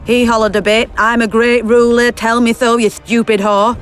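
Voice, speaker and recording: A woman's voice: on the high side, little pitch movement, moderate pace, faint music behind, natural voice. Woman voicing a crude, brash camp prostitute. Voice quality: slight lisp. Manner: crude, blunt and mocking. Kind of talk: video game voice acting.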